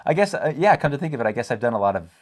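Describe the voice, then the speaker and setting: A man's voice: medium pitch, sing-song, darkish tone. Joking guy co-hosting, voice swings up and down a lot, goofs around. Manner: playful, quick to laugh and slip into voices. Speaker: co-host. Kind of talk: casual chat.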